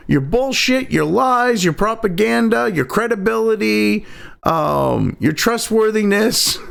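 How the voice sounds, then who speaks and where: A man's voice: high voice, gravelly. A man hosting a heated, profane political commentary, talking sarcastically and swearing constantly.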